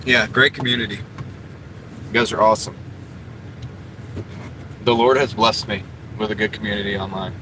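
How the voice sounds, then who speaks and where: Man streamer, bright voice, loose rambling chat from a parked car on a phone mic, faint hum behind. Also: lowish voice, fairly even intonation, moderate pace, long pauses, rough recording. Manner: rambling and chatty, many fillers. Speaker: livestreamer. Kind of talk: casual live stream chat reading comments.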